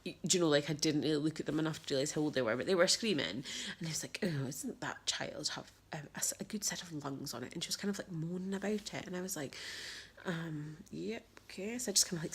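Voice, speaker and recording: A young woman telling a personal story in a rambling vlog, full of fillers and dropping into whispers. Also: sits low. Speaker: vlogger.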